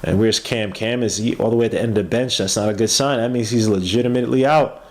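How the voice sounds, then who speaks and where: A tired man hosting a podcast, giving casual live play-by-play commentary, excitable and yelling at plays. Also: lowish voice, quick pace. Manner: excitable, yells at plays, trails off mid-word. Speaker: podcast host doing a game watch-along.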